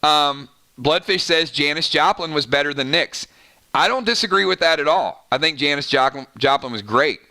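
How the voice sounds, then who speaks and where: A man hosts a casual livestream, reading viewer comments aloud and bouncing between quick asides. His voice sits a little high and sounds bright and forward. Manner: chatty and animated, quick asides, frequent "right?". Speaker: host of a gaming channel livestream.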